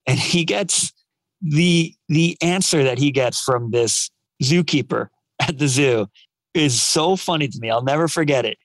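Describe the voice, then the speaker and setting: A man's voice: on the high side, measured pace, no room sound, rough recording. Man telling a story in a dry studio. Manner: animated storyteller, laughs mid-story. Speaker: podcast co-host. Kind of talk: casual podcast chat.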